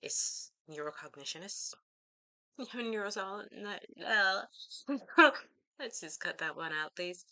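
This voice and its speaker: A woman's voice: medium pitch, lively intonation, slow pace, long pauses, sharp tone. A middle-aged woman and teacher chatting to camera on her channel, rambling and correcting herself with little laughs. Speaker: vlogger. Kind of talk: casual chat to camera.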